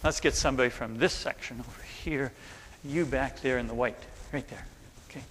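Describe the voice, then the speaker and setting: A man, a pastor, leads an interactive chapel talk, coaxing listeners in an animated way to act out the story. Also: mid-range voice, brisk, slight background noise. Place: large chapel. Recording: reverberant hall sound.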